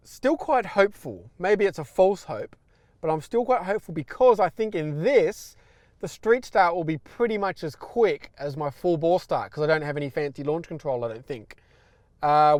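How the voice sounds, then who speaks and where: A man driving and commentating on car tests, playful and easily excited, speaking from inside a car on a track. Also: a little high, no echo. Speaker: co-host and driver. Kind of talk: casual commentary.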